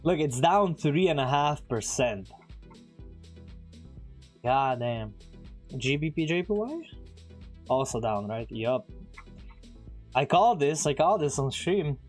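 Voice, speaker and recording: A man giving casual live-stream commentary as he trades, chatting with viewers and throwing in quick asides. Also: mid-range voice, lively intonation, soft background music.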